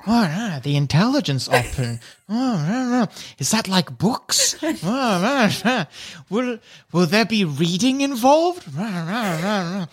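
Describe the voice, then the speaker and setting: A man's voice: sits high, very animated, takes it slowly, slightly rough, heavily acted. A man voicing a crowd of dim-witted kobolds who mutter worried, panicky questions. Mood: fretful.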